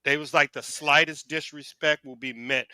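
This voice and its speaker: A man's voice: on the high side, steady tone, normal speed, sharp tone, no echo. A man in casual chat, assertive and preachy as he gives his views.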